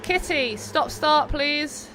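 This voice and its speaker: A young woman hosting and commentating on a sim-racing stream, chatting playfully between race calls and getting excited at close battles. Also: sits high, takes it slowly, slight background noise.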